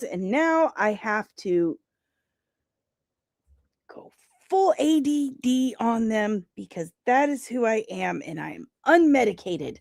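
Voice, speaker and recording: A woman's voice: fairly high pitch, very animated, takes it slowly, gravelly, a little mellow, dry recording. A young woman hosting a casual live stream, bantering playfully with her chat and laughing in exasperation. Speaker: host of a pop culture live stream.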